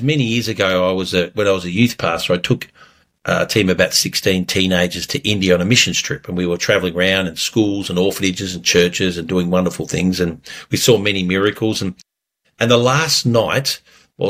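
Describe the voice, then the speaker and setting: A man preaching as a pastor, telling a story earnestly before communion, lively when he retells it. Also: deep voice.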